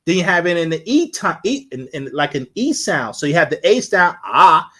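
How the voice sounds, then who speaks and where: A man's voice: on the high side, sing-song, fairly quick, fairly bright tone. A man giving a casual live-streamed lecture, rambling and repeating himself as he sounds out syllables.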